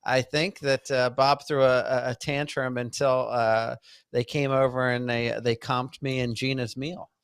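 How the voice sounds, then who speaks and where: A man co-hosting a casual podcast chat, speaking haltingly and restarting his sentences often. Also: medium pitch, flat delivery, clear, resonant tone, no room sound, studio quality. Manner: halting, lots of fillers and restarts. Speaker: podcast co-host.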